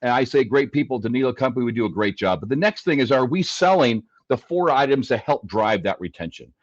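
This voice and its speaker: A man's voice: medium pitch, expressive, fast talker, dry recording. A man speaking as a dealership service leader on a panel. He talks emphatically and repeats his key points. The audio sounds dull and dry, with no room around it. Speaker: dealership fixed ops leader. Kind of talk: panel discussion.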